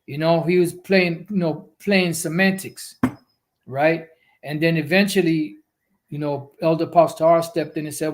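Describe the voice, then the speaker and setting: A man with a somewhat high voice preaches scripture on a livestream. He rambles and circles back, leaning on "you know" fillers and the odd profane aside. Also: fairly even intonation, normal speed. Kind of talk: livestream religious teaching.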